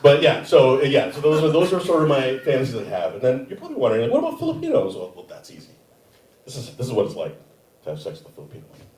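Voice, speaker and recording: A man doing a stand-up comedy set on a theater stage, animated and acting out other people's voices. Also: mid-range voice, fast talker, recorded from a distance, slight background noise. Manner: animated, acts out voices of relatives and fantasy women. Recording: echoey theater, mic heard from afar.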